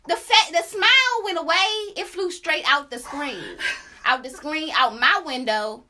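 A young woman hosts a casual podcast with a high, bright voice. She tells the story in animated, profane chat and breaks into sung la la la asides. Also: a little slow. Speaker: podcast host.

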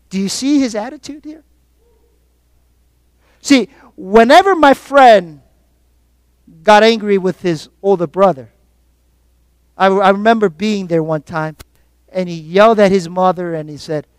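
A man preaching a sermon to his congregation, calling out for responses and swinging between quiet reflection and loud exhortation. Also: high voice, unhurried, long pauses, smooth, no echo. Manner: call-and-response preaching, rising and falling in force. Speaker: pastor.

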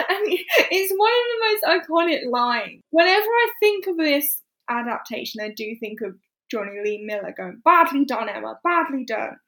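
A woman in casual chat, animated and laughing as she acts out characters' lines. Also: high-pitched, normal speed, poor audio. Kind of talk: casual chat recapping a period drama.

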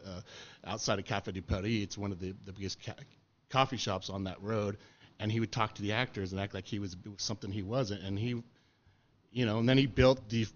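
A man telling stories in casual chat, animated and laughing, acting out what others said and often saying dude and man. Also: lowish voice. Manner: animated storyteller, says dude and man a lot, laughs, acts out quotes. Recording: dull lo-fi sound.

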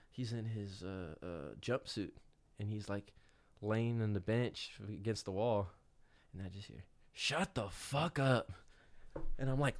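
A man casually telling a story as a podcast guest, animated, swearing and full of fillers. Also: lowish voice, clean tone.

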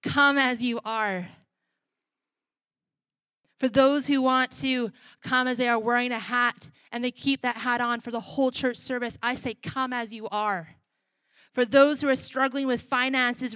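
A woman's voice: fairly high pitch, no room sound, studio quality. Woman preaching with a repeated refrain. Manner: repetitive preaching refrain, emphatic then soft. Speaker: pastor. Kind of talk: sermon.

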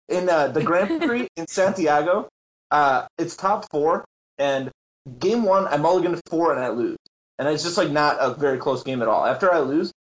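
The audio is poor as a slightly high-voiced man, a podcast guest who plays in Magic tournaments, shares a story in easygoing conversation. He's lively, performs what others said, and laughs often.

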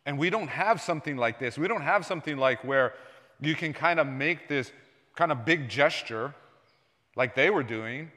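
A man preaching a sermon in a conversational way, sometimes dropping his voice low and sometimes raising it loud. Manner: conversational preaching, jumps between soft and loud. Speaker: pastor. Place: church sanctuary. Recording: long hall reverb.

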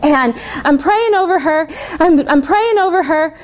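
A woman preacher telling a personal story in a lively sermon to a church congregation, laughing often. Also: extremely high pitch, unhurried.

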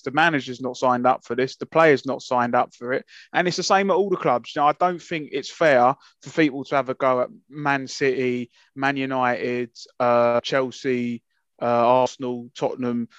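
A man's voice: medium pitch, dry recording. Impassioned man on a dry lo-fi podcast. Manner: impassioned, emphatic, with many fillers and restarts. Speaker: podcast co-host. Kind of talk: casual podcast chat. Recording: muffled lo-fi, dry sound.

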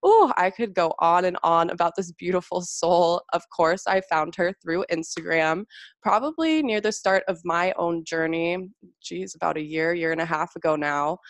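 A woman's voice: on the low side, no echo. A young woman hosting a podcast in casual chat, gushing and swearing freely, with lots of fillers. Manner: gushing, profane, filler-heavy. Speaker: podcast host.

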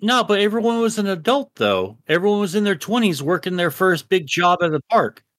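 A man's voice: sits high, sing-song, a little fast, fairly bright tone, no echo, studio quality. A man in his thirties, a podcast co-host, chatting casually and ranting with lots of swearing. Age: 30s. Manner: profane, emphatic rants. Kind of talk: casual chat.

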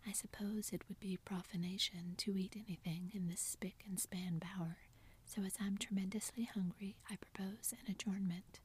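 A woman's voice: medium pitch, steady tone, moderate pace, darkish tone, husky. A woman voicing a playful, teasing tall young man in a whispered role-play, with theatrical banter.

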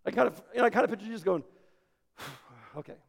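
A man preaching a sermon as a pastor, telling the story dramatically and swinging between loud passages and hushed ones. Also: high-pitched, animated, a little fast, creaky. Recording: hall reverb.

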